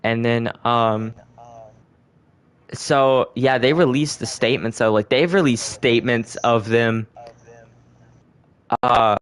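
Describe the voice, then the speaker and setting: A man's voice: mid-range voice, takes it slowly, pauses often, clean tone. A young man hosting a casual podcast, rambling and swearing freely, often correcting himself as he goes. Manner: rambling, profane, self-correcting. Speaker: podcast host. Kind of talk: casual conspiracy chat.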